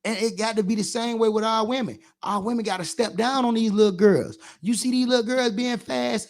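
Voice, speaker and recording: Emphatic high-voiced man preaching on radio. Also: fairly quick, few pauses. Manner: preachy, emphatic, acts out scolding kids. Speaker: youth football coach and radio show speaker. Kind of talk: impassioned radio monologue.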